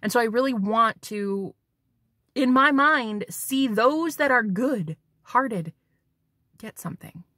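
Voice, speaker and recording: A woman's voice: fairly high pitch, lively intonation, takes it slowly, sharp tone, no echo, studio quality. A woman psychic medium giving a spiritual tarot reading, talking bluntly and preachily and swearing for emphasis.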